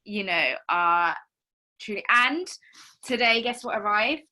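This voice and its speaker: A woman chatting excitedly on a group video call, rambling with many fillers. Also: medium pitch, slow. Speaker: call participant. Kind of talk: casual group-call chat.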